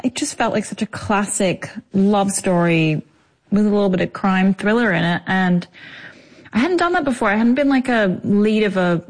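Chatty Australian actress. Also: female voice, medium pitch, lively intonation, normal speed. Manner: chatty, many "like" fillers, laughs often. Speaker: actress, guest. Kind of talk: casual interview chat.

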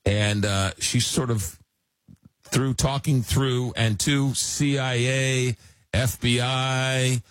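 A man hosting a radio talk show, joking and animated, repeating words as he gets going. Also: mid-range voice, takes it slowly, dry recording. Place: radio studio.

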